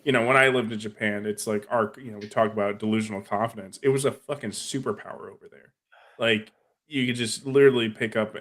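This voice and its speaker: A man's voice: on the low side, steady tone, fast talker, fairly bright tone. A man from New Jersey telling rambling stories on a casual podcast chat, acting out the people he quotes.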